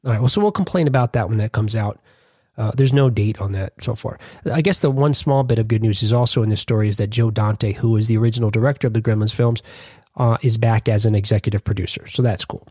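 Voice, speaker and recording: A man's voice: fairly low pitch, fast talker, warm tone, dry recording, clean studio sound. A man hosting a podcast in casual chat, rambling and correcting himself as he jokes along. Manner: rambling, self-correcting, jokey. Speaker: podcast host.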